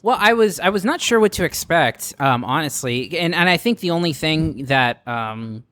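A man's voice: fairly high pitch, animated, fairly bright tone, no room sound. A man co-hosting a casual podcast chat, speaking hesitantly with restarts. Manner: hesitant, halting. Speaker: podcast co-host.

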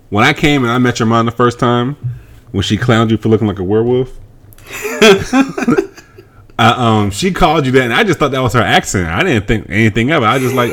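A man co-hosting a podcast, joking in relaxed casual chat and trailing off quietly at times. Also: medium pitch. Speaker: podcast co-host.

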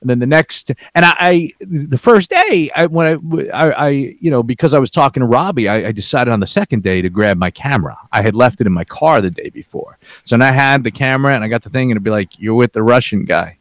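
A man's voice: medium pitch, lively intonation, brisk, few pauses, no echo. A man telling a rambling, profanity-laced work story in casual chat, with frequent restarts.

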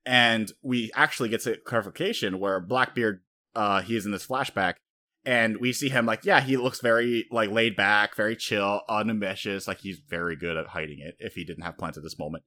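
Rambling low-voiced man chatting casually. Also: fairly quick. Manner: rambling, animated storytelling with quoted voices. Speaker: podcast co-host. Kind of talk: casual anime discussion.

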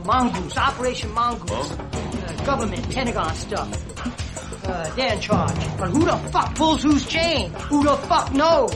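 An actor playing a jittery, paranoid male conspiracy theorist in a film scene, agitated and swearing. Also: very high voice. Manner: agitated, swearing, rising to panic. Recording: film clip with loud music underneath.

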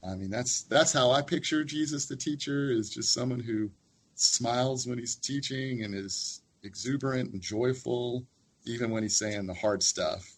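A man, a college professor, speaking as a guest in a casual interview in a thoughtful, gently amused way. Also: mid-range voice, normal speed, slightly rough.

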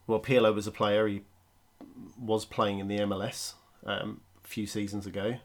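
Co-host, male, from the United Kingdom, low voice, brisk explainer. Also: little pitch movement. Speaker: podcast co-host. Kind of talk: casual podcast chat.

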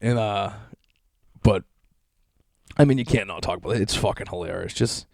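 A man's voice: fairly low pitch, normal speed, vocal fry, darkish tone, no echo, studio quality. A young man from Massachusetts, ranting on a podcast in a crude, sarcastic, swear-heavy monologue.

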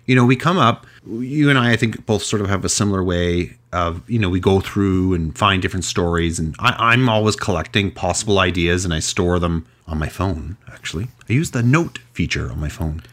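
A man hosting a podcast, telling a mystery story in a casual, chatty way with animated delivery and frequent restarts. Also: low-pitched, brisk, hardly any pauses. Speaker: podcast host.

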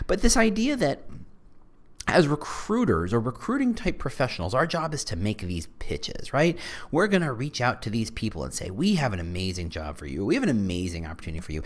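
Lively, rambling male podcast host. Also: mid-range voice. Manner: rambling, self-interrupting, with asides. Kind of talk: casual podcast monologue.

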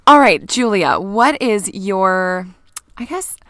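A woman chatting casually and asking travel questions, relaxed and quick to laugh. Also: mid-range voice, dry recording. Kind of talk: casual chat.

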